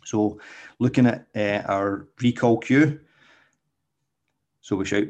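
A man's voice: on the low side, slow pace, pauses often, darkish tone. A man hosting a podcast as a dog trainer, explaining casually and tagging nearly every point with "okay?", with frequent restarts.

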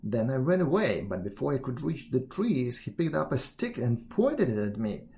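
A man voicing a big, slow, gullible male bear in a storybook reading, in a gruff, blustering manner. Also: medium pitch, sing-song, dark tone. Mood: sorrowful.

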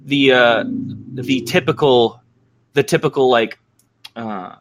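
A man's voice: medium pitch, slow pace, gravelly, lo-fi sound. An American man hosting a casual livestream, rambling and thinking aloud. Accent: American English. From United States. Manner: rambling, thinks aloud with many fillers and restarts.

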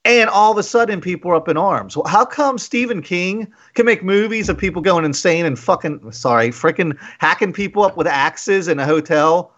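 A man hosting a casual radio talk show who tells stories in an animated way and slips into quoted voices. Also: sits high, normal speed, few pauses, highs cut off.

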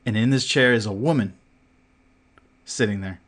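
Guy on a podcast telling a wild story, kinda low voice, lots of "like" and cussing, laughs a bunch. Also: normal speed. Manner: animated storyteller, swears, laughs often; filler-heavy, acts out what others said. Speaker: podcast co-host. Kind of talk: casual storytelling chat.

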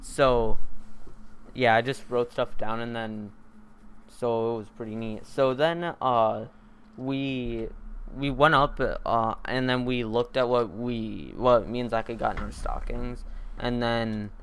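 Teenage male podcast host, casual rambling storyteller, smooth clear tone. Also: mid-range voice, fairly even intonation, slow. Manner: rambling, many fillers and restarts.

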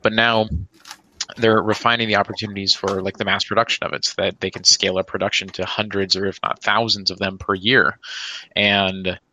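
A man's voice: on the low side, level tone, brisk, sharp tone, low-quality recording. A man co-hosting a live podcast, explaining ideas at length with lots of filler words. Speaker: podcast co-host. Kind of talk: casual live podcast chat.

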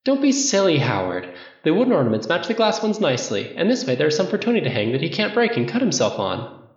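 A man voicing a fond, elegant mother and wife, gentle and doting, in a dull lo-fi recording. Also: low-pitched, wildly swooping pitch, fast, echoey room, pitched above the performer's own voice. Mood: affectionate.

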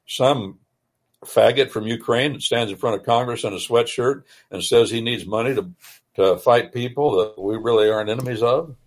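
A man's voice: medium pitch, moderate pace. A male radio host reading and explaining scripture in a folksy, emphatic, preacher-like way. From United States.

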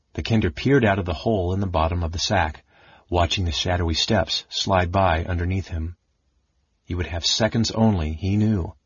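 Husky male audiobook narrator. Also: low-pitched, dry recording. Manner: steady storytelling reading. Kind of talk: scripted narration. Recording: dull lo-fi dry recording.

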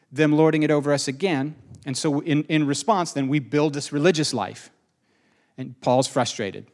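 A man preaching a sermon as the pastor of his church, conversational and emphatic, asking rhetorical questions. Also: fairly high pitch.

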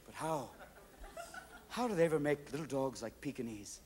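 A man's voice: mid-range voice, expressive, quick pace. A man doing stand-up comedy on stage, jumping manically between stories and voices, on a live show recording. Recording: live show with loud audience laughter. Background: audience laughter.

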